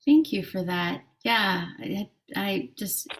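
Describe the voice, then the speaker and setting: A woman guest on a podcast in casual conversation, speaking in a soft, gentle and reflective way. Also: mid-range voice, animated, slow, noisy background. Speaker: podcast guest, intuitive reader.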